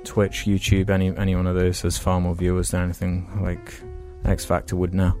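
A man's voice: deep voice, monotone, brisk, mellow, faint music behind. A man hosting a podcast, reading out viewer questions and musing aloud with tag questions. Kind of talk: casual chat.

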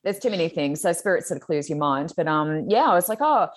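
A low-pitched woman chats casually as a podcast co-host. She tells her stories excitably and fills them with ums and likes. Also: quick pace. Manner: chatty, excitable storytelling with many fillers. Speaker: psychic medium podcast co-host. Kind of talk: casual chat.

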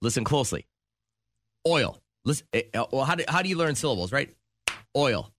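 A man's voice: medium pitch, big pitch swings, racing, a bit bright, no room sound, studio quality. A man co-hosting a radio show, bantering in a teasing, insistent way and laughing easily. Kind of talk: casual morning-show banter.

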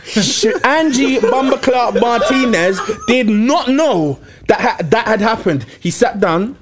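A man's voice: very high voice, animated, measured pace, noisy background. A man co-hosting a podcast, teasing and bantering in casual chat. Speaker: podcast co-host.

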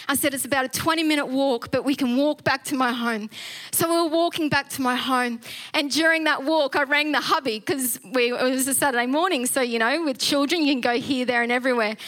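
A middle-aged woman casually telling a personal story, animated, with frequent laughs and fillers. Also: sits high. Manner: animated, laughs often, many fillers and restarts.

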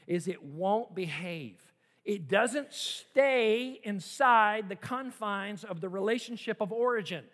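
A man with a strikingly high voice preaches a sermon, leaning on repeated phrases and rhetorical questions. His words ring out with a long, hall-like reverb, as from a large sanctuary. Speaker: pastor.

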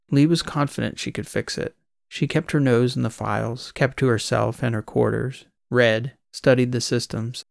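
A man narrating a science fiction audiobook in a steady, scripted storytelling voice. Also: mid-range voice, creaky, no echo, clean studio sound.

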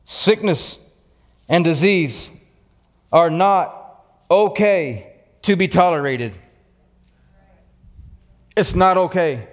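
A man's voice: high-pitched, very slow, pauses often, in a large hall. A man with a Texan accent preaching a sermon as pastor, talking with passion and fight in a church.

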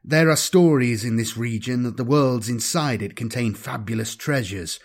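A man's voice: medium pitch, normal speed, natural voice. A man voicing a nervous young male space navigator who talks in a quivering, insistent voice, in a science-fiction audiobook. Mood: anxious.

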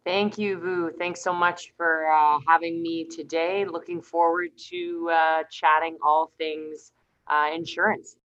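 A woman's voice: deep voice, little pitch movement, measured pace, fairly bright tone, lo-fi sound. A woman who is an insurance advisor, speaking as a podcast guest in a friendly way with light fillers. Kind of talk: interview conversation.

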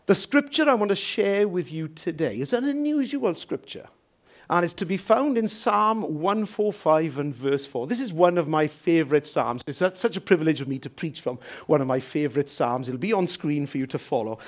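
A man preaching a sermon as pastor in a church, telling stories lively and asking rhetorical questions. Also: fairly high pitch, moderate pace.

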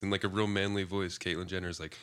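A man's voice: low-pitched, flat delivery, fast talker, a bit bright, clear, resonant tone. A man co-hosting a podcast, trading short laid-back remarks in casual chat. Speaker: podcast co-host.

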